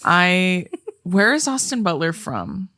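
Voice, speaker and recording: A young woman co-hosting a podcast, gossiping in an animated way and swearing freely. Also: on the low side, slow pace, no room sound, studio quality. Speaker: podcast co-host. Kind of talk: casual chat.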